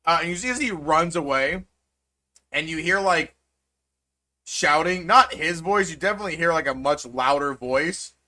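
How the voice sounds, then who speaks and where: A man's voice: fairly high pitch, moderate pace, bright, forceful tone. A man narrating as game master in a tabletop game, rambling and full of fillers.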